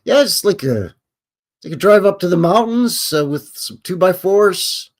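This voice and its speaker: A man's voice: high voice, expressive, measured pace. A man with a Canadian accent hosting a live stream, chatting casually in a joking, rambling way full of folksy slang. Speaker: host.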